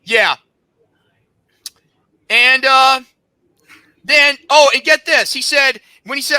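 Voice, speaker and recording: A podcast host in a full angry rant speaks in a voice unusually high for a man, cutting and almost sharp. He's sarcastic, mocking, and heatedly indignant, repeatedly rising into shouts, at a measured pace with long pauses. The recording is close and dry, with no room sound.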